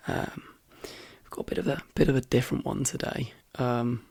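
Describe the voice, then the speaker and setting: A man hosting a soft-spoken ASMR video in a croaky, hoarse half-whisper, rambling easily between fillers. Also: medium pitch, moderate pace, no room sound. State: hoarse, voice worn out. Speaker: ASMR channel host.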